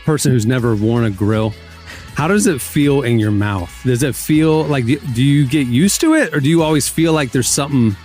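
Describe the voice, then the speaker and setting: A man's voice: mid-range voice, expressive, darkish tone, faint music behind. Chatty male podcast host. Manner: inquisitive, chatty, quick to laugh. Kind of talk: casual chat.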